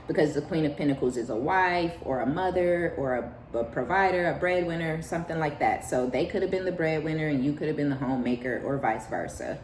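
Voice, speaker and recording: Casting note: woman, low voice, tarot reader, blunt and foul-mouthed, echoey room. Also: a little mellow, a little hiss or hum. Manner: blunt and profane, acts out quoted voices. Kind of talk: casual tarot reading. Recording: echoey room with faint ambience.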